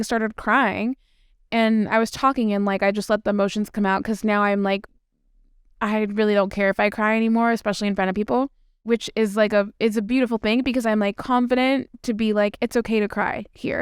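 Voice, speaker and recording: A woman hosts her own podcast and talks through her reflections in a loose, chatty way, dotted with fillers. Her voice is very clear and smooth, recorded close and dry with no room sound. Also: fairly high pitch, no echo. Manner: chatty, with frequent likes and ums. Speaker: podcast host. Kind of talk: solo reflective podcast talk.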